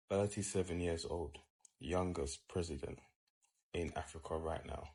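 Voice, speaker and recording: A man's voice: deep voice, a little slow, darkish tone, slightly rough. A man giving emphatic, laid-back opinion commentary.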